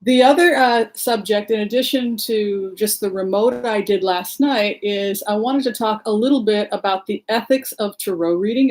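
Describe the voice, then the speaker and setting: A woman chatting on a relaxed livestream at a middling pitch. She greets her viewers one by one and rambles a little, with plenty of "uh" and "um". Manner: chatty, greets viewers by name, many fillers. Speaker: livestream host and tarot reader. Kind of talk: casual livestream chat.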